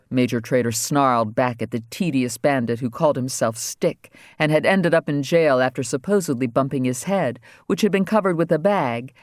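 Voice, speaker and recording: A man reading a crime novel aloud as audiobook narrator, wry and steady. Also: mid-range voice, dry recording, clean studio sound. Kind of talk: scripted narration.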